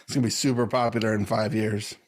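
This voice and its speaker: A man co-hosting a podcast in casual chat, joking around with quick asides. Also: lowish voice, little pitch movement. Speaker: podcast co-host.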